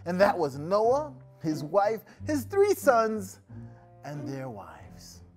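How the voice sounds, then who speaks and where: Chatty, unhurried woman storyteller for kids, big pitch swings. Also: soft background music. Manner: casual, chatty, expressive. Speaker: children's storyteller. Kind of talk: animated storytelling.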